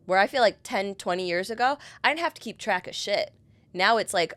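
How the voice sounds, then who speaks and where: An excitable woman co-hosting a comedy podcast, ranting casually with plenty of swearing. Her voice sits at a middle pitch and the sound is dry and close. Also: no room sound. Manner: excitable, swears freely, rants with quick bursts. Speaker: podcast co-host.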